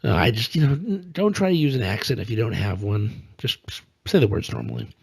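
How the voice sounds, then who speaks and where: A man's voice: medium pitch, expressive, fairly quick, vocal fry, breathy edge. A man co-hosting a casual political podcast, talking in a sarcastic, exasperated way with many "um"s. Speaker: podcast co-host.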